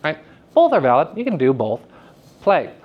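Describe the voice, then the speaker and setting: A man's voice: on the high side, huge pitch swings, normal speed, lo-fi sound. Playful man lecturing teenage drama students. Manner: playful, teasing, enthusiastic about verse. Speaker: drama teacher giving a lecture. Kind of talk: live lecture to high school students. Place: school room at a theater festival.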